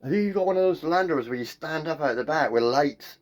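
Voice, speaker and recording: A man's voice: on the high side, expressive, a little fast. A man in a rambling, free-associating comic monologue that jumps playfully between tangents. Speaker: comedian.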